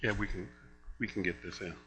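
Bright-voiced preacher man, faint music. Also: deep voice, fairly even intonation. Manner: storytelling with laughs, building to loud emphatic reading; drawn-out, slow reading of scripture. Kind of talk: sermon.

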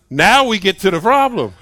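A man with a high voice preaches a sermon, hammering his points home and repeating key lines. He drops to soft asides and rises to loud declarations. The sound is close and dry, with no room around it. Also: no room sound. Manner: emphatic, punches points with "period" and repeats lines; lively swings from soft to loud.

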